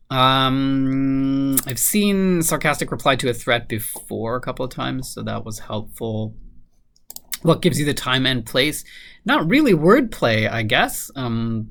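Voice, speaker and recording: A man's voice: mid-range voice, vocal fry, fairly bright tone. A man solving a crossword aloud in a casual, hesitant think-aloud manner, then reviewing the grid. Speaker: crossword solver.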